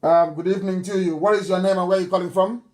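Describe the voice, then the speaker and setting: A man giving a live radio address and taking calls, forceful and repeating himself as he pleads with listeners. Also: high voice, steady tone, fast.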